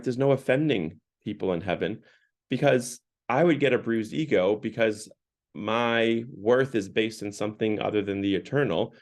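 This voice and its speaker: Guy talking loose and chatty in a parish book talk, low voice with some fry. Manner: casual, many "like" fillers, paraphrasing dialogue. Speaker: parish speaker.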